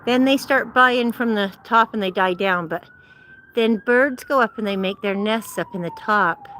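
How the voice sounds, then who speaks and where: An older livestream host strolls outdoors at sunset, holding her phone and chatting casually and rambling to viewers. Her mid-range voice is fairly bright at normal speed, with a little hiss or hum.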